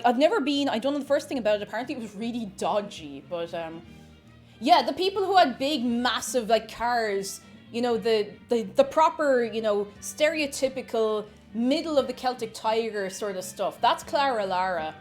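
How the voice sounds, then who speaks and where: A woman's voice: on the high side, expressive, moderate pace, faint music behind. An Irish woman streaming live as she bakes, chatting in a rambling way and greeting viewers from chat. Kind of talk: casual chat while baking on stream.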